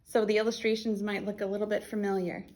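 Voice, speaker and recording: A woman's voice: medium pitch, flat delivery, fast talker, darkish tone. An American woman working as a children's librarian, reading a picture book aloud and acting out animal sounds in a playful way.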